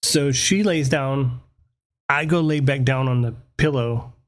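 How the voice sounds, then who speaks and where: Slow-talking man telling a story casually. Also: medium pitch. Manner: animated, swears freely, keeps tagging "right?". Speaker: podcast host.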